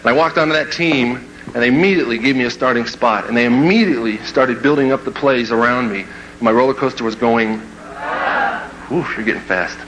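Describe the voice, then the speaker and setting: Talking fast in a mid-range voice, a man works an audience with a funny true story as a motivational speaker. He's lively, imitates the voices he quotes, and keeps laughing at his own story. The audio is poor, with a little hiss or hum.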